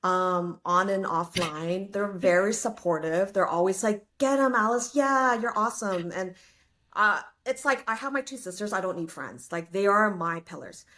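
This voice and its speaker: A woman's voice: on the low side, moderate pace. A woman in her late forties, a comedian guest telling stories in a casual interview and acting out the people in them. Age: 40s. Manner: lively storyteller, acts out voices.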